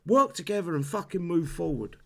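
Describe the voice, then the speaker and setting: A man's voice: a little high, expressive, a little fast, gravelly. A man hosting a live stream, ranting heatedly about a game with lots of swearing and restarts. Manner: heated, sweary, repeats himself. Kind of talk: casual live-stream rant.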